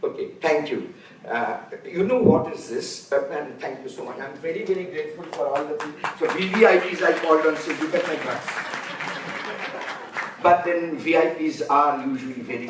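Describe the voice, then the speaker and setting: Indian guy around 70 giving a talk, heard from far off in a big boomy hall, some hiss. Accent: Indian English. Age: about 70. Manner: unhurried, lecturing, stops often to gather thoughts. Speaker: conference speaker. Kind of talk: lecture at a conference. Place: large conference hall. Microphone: distant room mic. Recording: very echoey hall, voice far from mic, faint noise.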